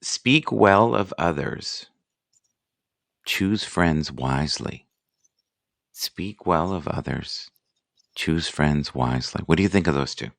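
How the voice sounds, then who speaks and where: A man hosting a casual live morning chat, musing and self-deprecating, reading out sayings slowly. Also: rumbling low, lively intonation, vocal fry, dry recording.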